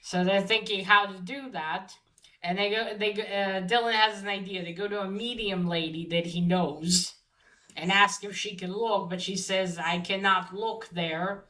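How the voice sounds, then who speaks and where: A woman's voice: mid-range voice, steady tone, moderate pace, sharp tone, rough recording. A woman casually recapping a comic book story, swearing freely and retelling each scene with lots of fillers.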